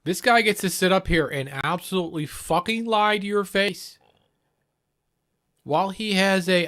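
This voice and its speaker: A man's voice: high-pitched, animated, a little slow, fairly bright tone. Swearing, heated male stream host. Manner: heated, sarcastic, swears constantly. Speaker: livestream host reacting to a clip. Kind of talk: profane reaction commentary.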